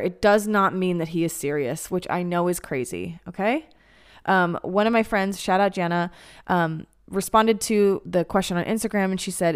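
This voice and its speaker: A young woman hosting a podcast, chatting casually and frankly, with plenty of swearing and animated emphasis. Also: medium pitch, moderate pace, clear, resonant tone. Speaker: podcast host. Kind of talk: casual chat.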